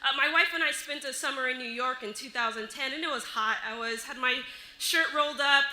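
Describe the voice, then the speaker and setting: A woman telling a personal story on stage, lively and often laughing as she goes. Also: high voice, fairly quick, reverberant, poor audio. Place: live stage show.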